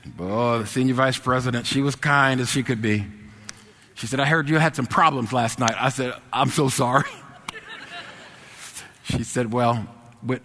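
This is a man telling a personal story before an audience, his voice sitting at an ordinary middle pitch. He is animated, sliding from low, hesitant mumbles up to loud, excited exclamations. The sound carries a long reverb, as if spoken in a large hall. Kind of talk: personal anecdote told to an audience.

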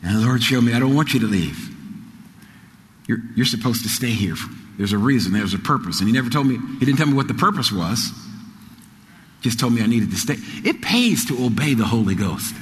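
A male preacher delivering a sermon, moving between quiet storytelling and loud, rising exhortation. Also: mid-range voice, expressive, a little fast, long reverb tail.

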